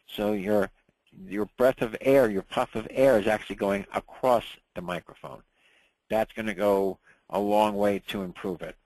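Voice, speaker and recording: A man teaches a ham radio class in a loose, conversational way, checking in with his listeners as he goes. His voice has a rough, gravelly texture, and the sound is dry and close. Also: fairly low pitch, moderate pace, dry recording, low-quality recording. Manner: relaxed, chatty, checks in with "right?" and "okay?".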